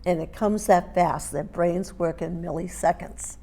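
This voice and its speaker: A woman's voice: fairly low pitch, steady tone, unhurried, mellow. A middle-aged woman teaching dog training, speaking emphatically, repeating key points and checking in with her listeners. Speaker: dog grooming and training instructor. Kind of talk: hands-on teaching demonstration.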